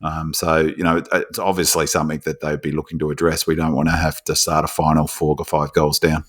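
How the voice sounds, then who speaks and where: A man with an Australian accent co-hosting a casual sports podcast, rambling with many restarts and growing animated as he tells stories. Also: extremely low pitch, fairly quick. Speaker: podcast co-host. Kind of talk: casual chat.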